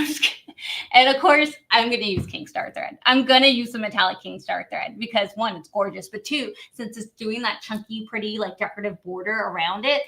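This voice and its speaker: Chatty woman host, kinda high bright voice, laughs a lot, bit stuffed up, light hiss. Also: low-quality recording. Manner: chatty, giggly, gushing. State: congested, says she is on cold medicine. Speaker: host demonstrating embroidery. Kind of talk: casual live demo chat.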